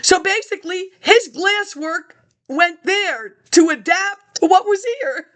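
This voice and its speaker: A high-pitched woman talks casually to her viewers in a loose, rambling monologue. She skips from one thought to the next and chuckles at her own remarks. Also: slow, a bit bright. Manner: chatty, jumps between topics, chuckles to herself.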